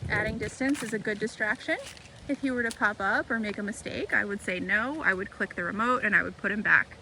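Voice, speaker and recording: A woman dog trainer calmly explaining an outdoor training demonstration. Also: a little fast, poor audio. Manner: calm explaining, then sharp high commands. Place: outdoors in a grassy field. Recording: loud outdoor noise.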